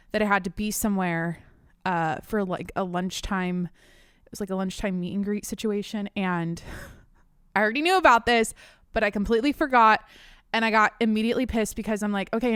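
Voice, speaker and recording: A woman's voice: medium pitch, clean tone, no room sound. A young woman hosting her own podcast from a home desk studio, ranting casually with lots of swearing and restarts. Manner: animated, profane venting with frequent restarts. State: slightly out of breath. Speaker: podcast host. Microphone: desk microphone.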